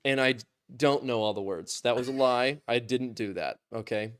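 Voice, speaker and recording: A man's voice: mid-range voice, normal speed. A man in his twenties, hosting a podcast, chatting casually with a rambling, self-mocking way of talking and frequent swearing. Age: 20s. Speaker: podcast host.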